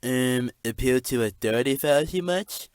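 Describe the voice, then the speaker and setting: A man's voice: mid-range voice, moderate pace, clear, resonant tone, dry recording, pitched above the performer's own voice, natural voice. A man voicing a fed-up male AI robot who writes scripts, curt and dismissive, in a comedy skit.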